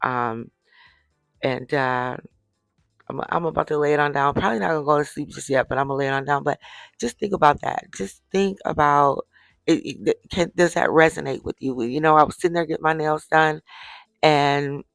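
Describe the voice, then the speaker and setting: A middle-aged vlogger at home, winding down for bed, tells her viewers a story from her day in a casual, chatty way. Her voice sits low and creaky, with fairly even intonation and a fairly quick pace. Faint music plays behind her, with no room sound, in a low-quality recording.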